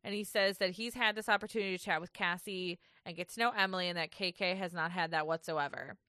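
A woman's voice: fairly low pitch, fairly even intonation, quick pace, bright, forceful tone, smooth, no room sound, clean studio sound. A woman co-hosting a podcast, recapping a reality show in casual chat. She swears freely and sounds exasperated, often laughing. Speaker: podcast co-host.

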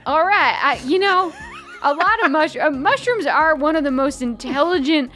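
A woman with a slightly high voice plays her character in a tabletop game, playful and eager. Faint music sits under her voice. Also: expressive, normal speed, fairly bright tone. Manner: playful, enthusiastic, joking. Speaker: player.

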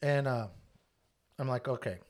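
A man's voice: mid-range voice, unhurried. A man telling stories in casual podcast chat, swearing freely as he talks, recorded on a portable mic in a small garage room. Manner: animated storyteller, heavy swearing. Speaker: podcast guest.

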